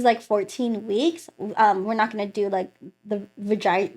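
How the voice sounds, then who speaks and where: Young woman telling her testimony, slightly high. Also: normal speed, hardly any pauses. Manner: animated storytelling that acts out quoted voices, many filler "like"s. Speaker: guest sharing a testimony. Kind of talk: emotional personal testimony.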